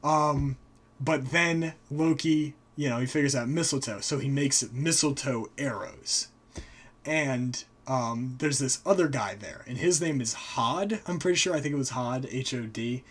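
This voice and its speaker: A man hosting a live stream, casually retelling myths and slipping into quick character voices. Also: mid-range voice, fairly bright tone, slightly rough. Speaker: host. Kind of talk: casual storytelling.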